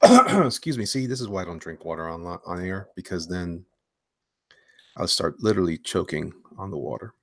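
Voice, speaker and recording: A man hosting a casual live stream from his home studio while drawing, talking in slang and swinging between hyped greetings and low mumbles. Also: moderate pace, no echo. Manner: animated, slangy, hyped one moment and mumbling low the next. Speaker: livestream host and comic illustrator.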